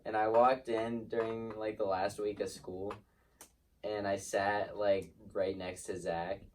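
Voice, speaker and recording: Low-voiced teen boy, far from mic. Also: level tone, slow pace. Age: teens. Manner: laid-back, swears, laughs often. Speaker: podcast co-host. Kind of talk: casual chat. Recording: distant mic with faint noise.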